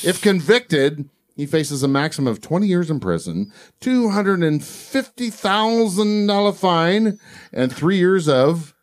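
A man's voice: high-pitched, very animated, measured pace. A man co-hosting a podcast, reading a news story aloud with profane, wisecracking asides. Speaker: podcast co-host.

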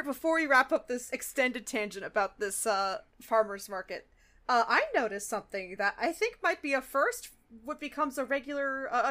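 A woman's voice: high-pitched, a bit bright. A woman co-hosting a podcast, recapping a cartoon in casual chat. She giggles often and swears freely. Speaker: podcast co-host.

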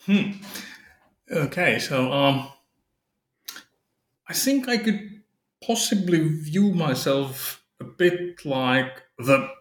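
Academic guy talking about his book, stops and restarts a lot, echoey room. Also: fairly high pitch. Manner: thoughtful, halting, many restarts. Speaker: academic author, interview guest. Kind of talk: conversational interview answer. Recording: roomy echo.

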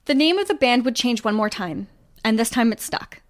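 Woman podcast host narrating a band story, lively and chatty. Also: fairly high pitch, normal speed. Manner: animated storyteller, trailing off with fillers. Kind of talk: casual storytelling chat.

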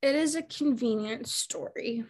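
A woman's voice: fairly high pitch, unhurried, darkish tone. A woman co-hosting a podcast in a casual chat over a video call, giggly and flustered. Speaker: podcast co-host.

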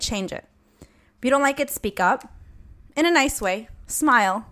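A woman's voice: on the high side, unhurried, long pauses. A young woman hosting an advice podcast, talking frankly and casually, swearing at times and acting out what she would say. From Latina. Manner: frank, animated, swears casually, acts out her own comebacks. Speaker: podcast host.

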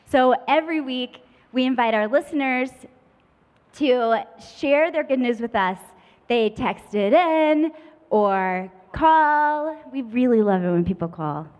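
A woman's voice: sits high, lively intonation, takes it slowly, darkish tone. A woman hosting a live podcast on a conference stage, chatty, playful and upbeat. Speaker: podcast host. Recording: hall reverb, dull lo-fi sound.

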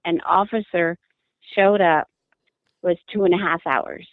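A mother giving an emotional interview, halting and repeating her words in distress. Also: fairly low pitch, no echo. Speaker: mother of a missing daughter, interviewee. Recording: tinny phone line.

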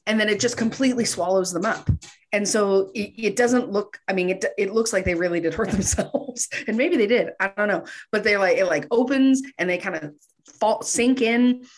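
A woman's voice: mid-range voice, normal speed, faint music behind. A woman casually recapping a movie on a podcast, chatty, with frequent laughs and lots of fillers.

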